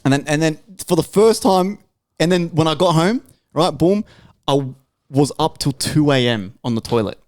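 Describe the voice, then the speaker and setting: A man's voice: a little high, normal speed, darkish tone, dry recording, studio quality. Swearing Australian man telling a story. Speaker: podcast host. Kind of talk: casual chat.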